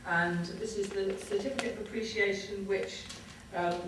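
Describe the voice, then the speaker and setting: A woman's voice: medium pitch, fairly even intonation, normal speed. A woman hosting a convention, making informal announcements and presenting awards from a stage in a large hall. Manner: informal, loosely structured announcing. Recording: echoey hall from far off, noisy.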